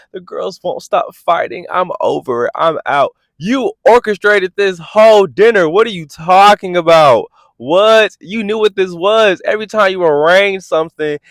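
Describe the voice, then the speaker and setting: A man hosting a reality TV review vlog, talking in a sassy, animated way and acting out quotes in exaggerated voices. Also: on the high side, no room sound. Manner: animated, sassy, quick asides. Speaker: host.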